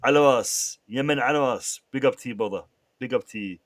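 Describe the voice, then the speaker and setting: Guy running a live stream, chatty and lively, lots of restarts, mid-pitched voice. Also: brisk. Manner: lively, banters with chat, many restarts. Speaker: livestream host. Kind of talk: casual live-stream chat.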